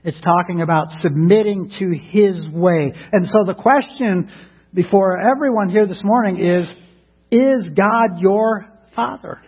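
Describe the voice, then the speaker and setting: Male pastor, husky, higher register, earnest sermon delivery with restarts; phone-thin radio sound. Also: a little slow. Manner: earnest, repeats words when starting a thought. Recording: tinny narrowband radio broadcast.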